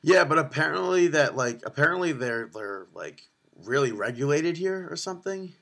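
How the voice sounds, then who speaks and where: Man, fairly high voice, casual podcast chat, animated storyteller, mimics vendors. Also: moderate pace. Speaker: podcast co-host. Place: on the road in Cancun.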